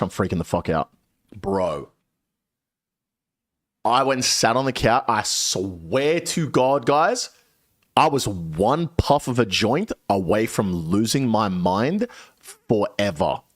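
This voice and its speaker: A young man streamer telling a story in a casual way, animated and swearing a lot. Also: fairly low pitch, measured pace, no room sound, clean studio sound.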